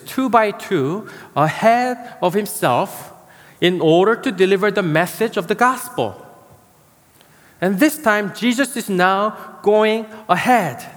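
A man preaching a sermon as pastor, slow and emphatic, pausing to stress key words. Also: sits high, in a large hall.

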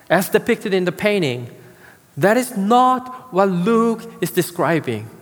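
A pastor preaches in a high, lively voice that rises and falls with every phrase. He takes his time, slowing down and leaning on repeated words with dramatic pauses, while long reverb from a large hall trails after him. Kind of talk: sermon.

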